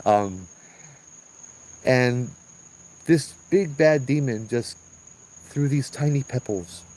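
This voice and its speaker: A middle-aged man with a Hawaiian accent, telling ghost stories on location outdoors in a casual, animated way, acting out sounds and voices and saying "bro". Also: mid-range voice, takes it slowly, low-quality recording. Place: outdoors at a trail at night. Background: crickets and insects.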